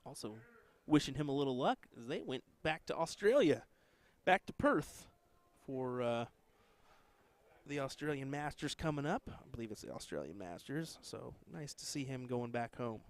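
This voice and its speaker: A man's voice: mid-range voice, sing-song, normal speed. A man with an American accent hosting casual live-stream darts commentary, chatting with viewers between matches. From United States.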